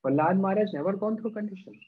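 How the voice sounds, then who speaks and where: High, husky-voiced man preaching. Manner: measured, halting phrasing, chanting verses in a sing-song. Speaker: spiritual teacher giving a discourse. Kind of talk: devotional sermon. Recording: dull lo-fi recording.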